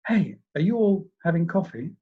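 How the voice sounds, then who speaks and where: Brief: man reading as a young eager student, higher and keen, husky, dull lo-fi. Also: animated, moderate pace. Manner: eager, know-it-all explaining.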